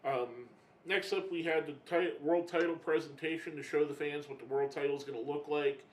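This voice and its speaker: A man talks through a casual review in a slightly raised voice. He is emotional and halting, choking up and breaking off mid-sentence before starting again. The sound is roomy and echoey. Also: on the high side, steady tone, a little hiss or hum. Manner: emotional, gets choked up, halting restarts. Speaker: wrestling reviewer.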